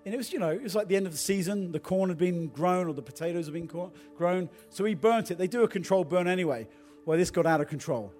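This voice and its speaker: High-voiced fervent preacher man. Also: quick pace, darkish tone, faint music behind. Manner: storytelling, then builds to fervent exhortation. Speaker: pastor. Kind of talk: sermon.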